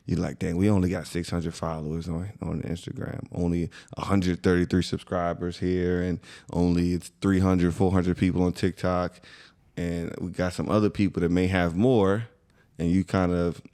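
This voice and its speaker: A young man from the US with a very deep voice and a gravelly edge, chatting on a podcast. He talks in a laid-back, slangy, conversational way. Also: darkish tone. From USA. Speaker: podcast co-host. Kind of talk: casual storytelling chat.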